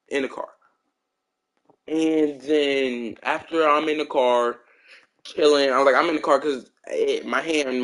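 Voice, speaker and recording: A man's voice: mid-range voice, fairly bright tone, a little hiss or hum. A man streaming a game who tells a childhood story in a rambling, slangy way, full of fillers and restarts. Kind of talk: casual storytelling while gaming.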